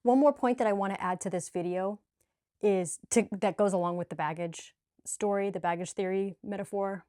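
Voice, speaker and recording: A woman's voice: medium pitch, steady tone, normal speed, warm tone, no echo, clean studio sound. Earnest, gushing woman vlogger. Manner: earnest, gushing, with restarts and filler. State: sweaty, a little choked up. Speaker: spiritual vlogger. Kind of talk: heartfelt direct-to-camera vlog.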